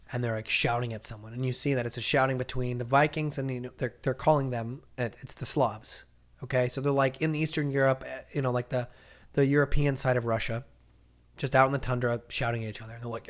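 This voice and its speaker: A man hosting a casual comics podcast, retelling a story in an animated way and acting out the characters' lines. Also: medium pitch. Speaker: comics explainer host.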